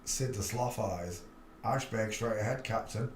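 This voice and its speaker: A man's voice: lowish voice, moderate pace. A man hosting a livestream, talking in a chatty, rambling and blunt way and laughing at his own jokes. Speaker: livestream host. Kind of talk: casual livestream commentary. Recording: roomy echo.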